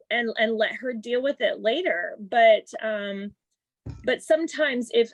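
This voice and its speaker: A woman's voice: fairly high pitch, no room sound. A middle-aged woman in an online workshop, candidly telling a personal story and reflecting on it. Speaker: workshop participant. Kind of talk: personal story in a group chat. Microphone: video call.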